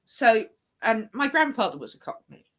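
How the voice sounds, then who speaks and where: A woman's voice: fairly high pitch, very animated, normal speed. British woman, broadcaster-style diction. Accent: British, trained broadcaster-style. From England. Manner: chatty, explains at length, trails off and restarts. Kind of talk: casual group chat.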